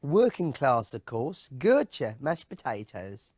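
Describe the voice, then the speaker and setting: A man's voice: slow pace, dry recording. An actor playing a dim, boastful male pop singer who puts on a fake cockney manner in a comedy sketch interview. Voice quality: lively, sing-song pitch swings.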